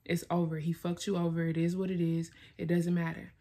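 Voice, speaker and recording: A woman's voice: fairly low pitch, flat delivery, brisk, warm tone. A woman vlogger giving herself a blunt, emphatic pep talk, swearing and repeating herself for emphasis. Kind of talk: self-directed pep talk.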